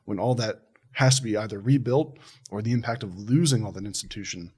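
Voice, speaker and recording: A man hosting a podcast, talking in a relaxed, easygoing way with plenty of fillers. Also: lowish voice, a little fast, husky. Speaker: podcast host. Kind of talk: casual conversation.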